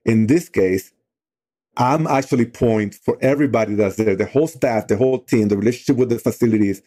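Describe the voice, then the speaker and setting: Speaking briskly in a mellow, medium-pitched voice, this middle-aged man runs an outdoor program for young people. He spins a story in a relaxed, chatty way, peppered with "you know" fillers.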